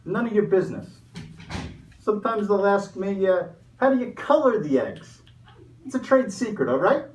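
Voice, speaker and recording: A man playing a high-voiced greedy Easter Bunny businessman, pushy wisecracking manner, roomy echo, from far off. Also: expressive, normal speed, darkish tone, a little hiss or hum. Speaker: comic interviewee.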